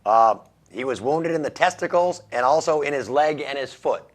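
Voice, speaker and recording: Wry joking male radio host, lively pitch. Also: normal speed. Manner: wry, laughs at his own jokes. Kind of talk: casual comedic news commentary.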